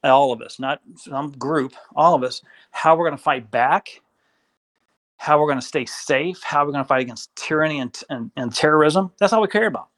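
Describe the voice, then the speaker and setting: Man, interview guest, casual storytelling, animated, quotes people in their voices. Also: fairly high pitch, moderate pace. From Kentucky.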